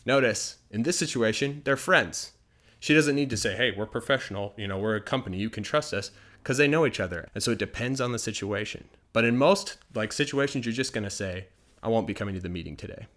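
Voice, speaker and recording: A young American man teaching English phrases, explaining patiently and slowing down to show pronunciation. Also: mid-range voice, fairly bright tone. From United States. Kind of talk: bilingual teaching video.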